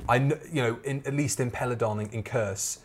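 A man in casual podcast chat, animated and given to mock-quoting characters. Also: medium pitch, brisk, husky. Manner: animated, quotes characters in mock voices, swears. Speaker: podcast co-host.

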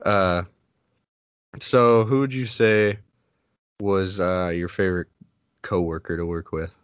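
A man's voice: low-pitched, fairly even intonation, slow, clear, resonant tone, no room sound, lo-fi sound. A man hosting a podcast, asking questions in an easygoing way and laughing along. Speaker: podcast host. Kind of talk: casual interview chat.

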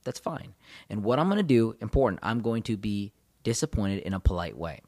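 Male relationship coach, quick emphatic delivery, talks straight to viewers, repeats key points for weight. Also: fairly low pitch, sing-song, darkish tone. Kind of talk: motivational advice talk to camera.

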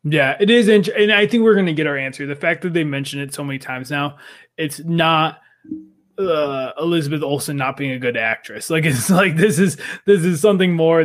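A man's voice: fairly high pitch, a little fast. A man co-hosting a podcast in casual chat, speculating eagerly and jumping between ideas. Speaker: podcast co-host.

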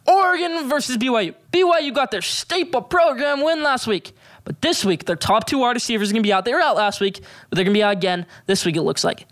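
A young man hosting a solo sports podcast, giving excitable, opinionated picks and rants. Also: high-pitched. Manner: rapid, excitable, opinionated delivery.

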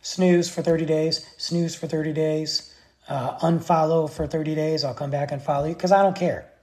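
A man's voice: a little high, steady tone, normal speed, darkish tone. A man giving a blunt, exasperated opinion rant straight to his viewers. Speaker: vlogger. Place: Texas.

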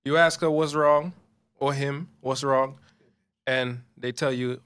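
A man's voice: medium pitch, fairly even intonation, slow pace, a bit bright, clear, resonant tone. A man co-hosting a podcast, casually posing questions to the group in laid-back slang. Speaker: podcast co-host. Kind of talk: casual chat.

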